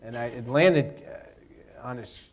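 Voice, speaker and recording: A man, an actor, telling a lively anecdote in an interview at a university event, laughing and mimicking the people in it. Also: medium pitch, slow pace, noisy background. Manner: animated, laughing storyteller who mimics others.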